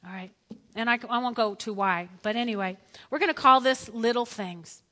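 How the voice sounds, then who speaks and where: A woman preaching a lively sermon, telling Bible stories and acting out the quotes herself. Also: a little high, normal speed, in a large hall. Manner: animated storytelling, acting out quotes.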